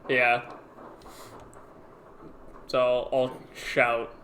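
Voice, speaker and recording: A man's voice: medium pitch, monotone, extremely slow, bright, forceful tone, slight background noise. A man playing in a tabletop game, talking casually with lots of fillers. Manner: casual, hesitant, filler-heavy. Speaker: player. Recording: echoey room, music behind.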